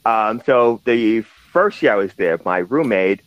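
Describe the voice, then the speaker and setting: A man's voice: fairly low pitch, lively intonation, unhurried, no room sound. Guy from new york city telling stories on a podcast, lots of restarts, voice jumps all over, kinda dull lo-fi mic. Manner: rambling, many restarts and fillers, laughing storyteller. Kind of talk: casual chat. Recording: slightly dull lo-fi sound.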